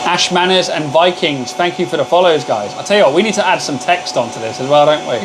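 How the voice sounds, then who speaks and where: A man's voice: on the high side, fast, background noise. A man hosting a casual live stream from his workshop, chatting with viewers and greeting them as mate. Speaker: livestream host. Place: home workshop with laser machines.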